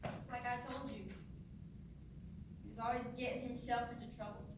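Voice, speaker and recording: A woman plays an eerie doting mother in a low-budget short film. She is sugary sweet, then coldly morbid about a lost son. Her high voice comes from a distance, with strong room echo and noise behind it. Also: level tone, normal speed, natural voice. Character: eerie doting mother of grown children, dwells on a dead son. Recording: echoey room, mic from afar, noisy.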